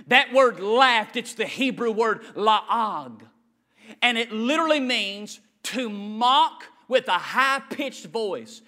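A man preaching a sermon with rhythmic repetition and loud, fiery peaks. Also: high voice, animated, a little slow.

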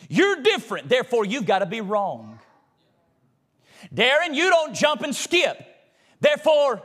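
High-voiced preacher man. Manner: folksy, call-and-response preaching, swings from loud to hushed. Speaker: pastor. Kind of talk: sermon. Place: church sanctuary.

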